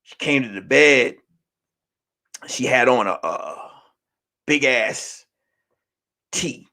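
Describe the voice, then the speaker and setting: A man from Brooklyn telling a funny story in street slang, swinging between shouting and hushed near-whispers. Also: medium pitch, takes it slowly. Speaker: host. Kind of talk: comedic storytelling.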